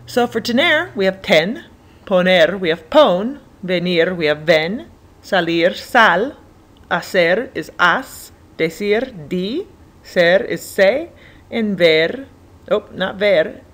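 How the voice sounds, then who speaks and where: A woman's voice: medium pitch, lively intonation, slow pace, a bit bright. A young adult woman teaching Spanish verb commands in a chatty, upbeat way, switching between explanation and short drills. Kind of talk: recorded classroom lesson.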